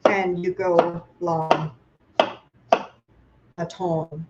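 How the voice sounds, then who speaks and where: A woman's voice: medium pitch, slow, muffled recording, very noisy. A woman from Thailand with a Thai accent, hosting a live online cooking class, chatty and playful, asking viewers questions as she works.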